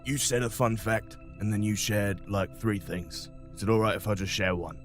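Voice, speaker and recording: A man's voice: lowish voice, moderate pace, soft background music, lightly acted. A man voicing a blunt, self-assured male crewman who acts like the coolest guy around, in a tabletop game. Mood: dry. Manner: blunt, dismissive, a bit showy. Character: aloof cool-guy male crewman, sixty but youthful.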